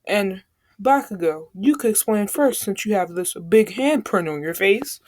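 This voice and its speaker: A woman's voice: medium pitch, expressive, unhurried, darkish tone. A woman casually retelling a made-up fan story, rambling in slang with constant fillers.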